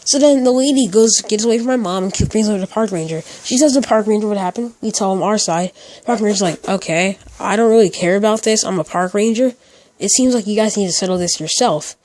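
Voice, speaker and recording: A man's voice: high-pitched, brisk, a little mellow. A teenage boy telling a casual storytime, rambling with lots of fillers and restarts. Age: teens. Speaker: storytime YouTuber.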